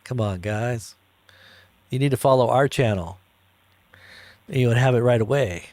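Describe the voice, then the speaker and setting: A man's voice: medium pitch, normal speed, a little mellow, a little hiss or hum. A tired man hosting a live news commentary stream, rambling and joking with viewers. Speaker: host.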